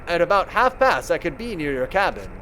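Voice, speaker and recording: A man's voice: on the high side, sing-song, fairly quick, bright, forceful tone, slight background noise. A man voicing a polite male ship steward who speaks formally and deferentially. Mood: courteous.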